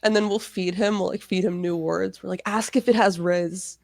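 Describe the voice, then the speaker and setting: A woman's voice: medium pitch, fairly even intonation, normal speed, gravelly, no echo, clean studio sound. A young woman co-hosting and editing a podcast, chatting casually with wry, opinionated asides. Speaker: podcast co-host and editor. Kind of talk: casual chat.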